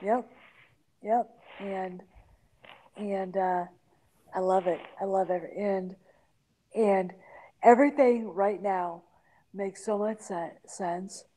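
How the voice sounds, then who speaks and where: A woman in her forties in casual podcast chat, emphatic with halting restarts. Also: mid-range voice, fairly even intonation, dark tone, low-quality recording. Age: 40s.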